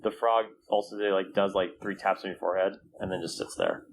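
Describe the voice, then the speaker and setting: A man's voice: deep voice, fairly even intonation, fairly quick, creaky, a little hiss or hum, poor audio. Man running a tabletop game. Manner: loose and hesitant, many fillers. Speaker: game master.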